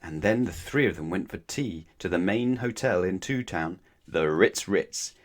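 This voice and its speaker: Low-voiced man reading a bedtime story. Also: animated, measured pace. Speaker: storybook reader. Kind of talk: children's bedtime story read-aloud.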